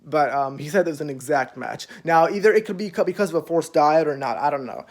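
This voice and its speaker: Young guy rambling thru a show recap, kinda high voice, lots of likes and ums, swears a bunch. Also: lively intonation, fast talker. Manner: rambling, filler-heavy, swears freely. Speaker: show reviewer. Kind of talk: casual episode recap.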